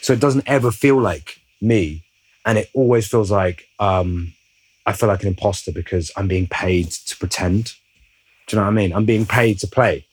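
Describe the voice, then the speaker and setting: A man with a low, husky voice speaks thoughtfully and pauses to search for the right words. He is an actor holding a relaxed interview conversation. The sound is close and dry. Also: dry recording, low-quality recording.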